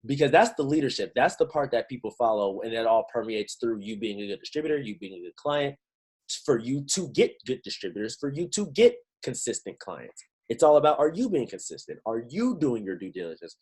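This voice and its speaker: A man giving a lively pep talk to his team on a video call, full of slang and rhetorical questions. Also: mid-range voice, slightly rough, rough recording. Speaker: motivational team trainer.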